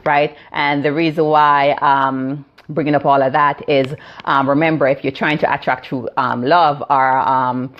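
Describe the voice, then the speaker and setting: Low-voiced Jamaican woman in her fifties. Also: level tone, measured pace, few pauses, dull audio. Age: 50s. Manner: explanatory, many fillers and "right?" check-ins. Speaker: theta healing practitioner. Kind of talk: live-stream teaching talk.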